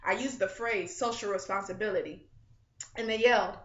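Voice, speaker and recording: A young woman student earnestly reading a first-person story passage aloud in a measured way for a class assignment. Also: mid-range voice, a bit bright. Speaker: student reader. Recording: dull, roomy recording.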